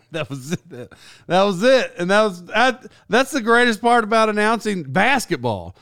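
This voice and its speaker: A man's voice: high-pitched, very animated, normal speed, a bit bright, dry recording, clean studio sound. A sports announcer telling a long rambling story in a casual, self-deprecating way, laughing as he goes.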